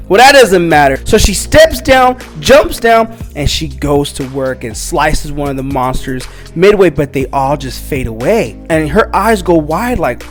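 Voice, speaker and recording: A man recapping a comic book story in a casual, slangy, excitable way, acting out the characters' lines as he goes. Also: on the high side, normal speed, hardly any pauses, soft background music. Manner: animated, slangy, excitable retelling.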